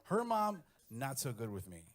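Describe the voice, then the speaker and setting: A middle-aged man doing a stand-up comedy set, telling crude stories in a brash, animated way. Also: mid-range voice, normal speed.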